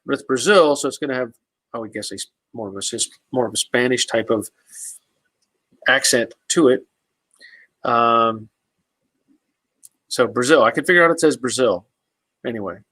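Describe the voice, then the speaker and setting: A man's voice: medium pitch, normal speed, long pauses, bright, forceful tone, no room sound, poor audio. Easygoing man hosting a live stream. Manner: easygoing and rambling, with frequent fillers and restarts. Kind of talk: casual live-stream chat, answering viewers' comments.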